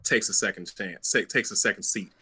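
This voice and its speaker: A man's voice: lowish voice, fairly quick, crowd noise. A young man co-hosting a podcast, arguing his views in a casual, emphatic, repetitive way. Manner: emphatic, opinionated, repeats himself. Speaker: podcast co-host. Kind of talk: casual debate chat.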